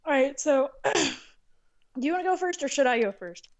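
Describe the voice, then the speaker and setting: Teen girl co-host, very high voice, rambles and corrects herself, muffled lo-fi audio. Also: lively intonation, normal speed. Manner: rambling, self-correcting, loses track. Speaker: podcast co-host, machinima maker. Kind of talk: casual rambling chat.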